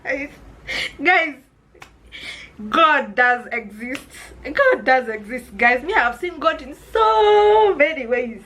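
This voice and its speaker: A woman's voice: high-pitched, lively intonation, slow, few pauses, a bit bright, low-quality recording. A young Kenyan woman with a Kenyan accent telling a personal story in an emotional vlog, often calling her viewers "guys". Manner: emotional, addresses viewers as guys, repeats herself. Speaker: vlogger.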